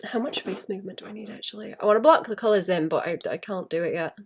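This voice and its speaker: A woman who illustrates, chatting casually and thinking aloud while she draws, rambling and laughing softly. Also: mid-range voice, quick pace, slight background noise. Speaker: illustrator streaming while drawing. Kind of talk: casual chat while drawing.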